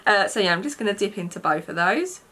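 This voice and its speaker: A woman's voice: mid-range voice, sing-song, fast talker, sharp tone, a little hiss or hum. A young British woman chatting her way through a makeup tutorial, rambling with lots of fillers. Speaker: beauty vlogger.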